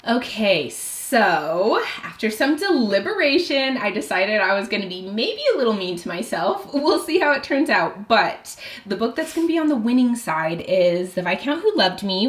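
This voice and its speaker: A young adult woman book vlogger chatting casually at home, excitable and nervous as she plays a card game. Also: mid-range voice, moderate pace. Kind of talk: casual vlog chat.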